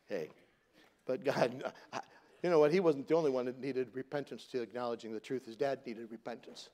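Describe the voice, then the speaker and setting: Storytelling pastor, swinging loud and hushed. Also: male voice, a little fast. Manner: conversational, rising loud for emphasis then dropping soft and low. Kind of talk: sermon with personal storytelling.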